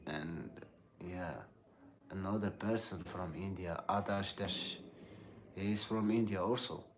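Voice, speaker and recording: A man from Algeria with an Algerian accent, chatting casually on a livestream in halting English full of fillers and repeated words. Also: low-pitched, steady tone, background noise. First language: Algerian Arabic. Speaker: livestream host.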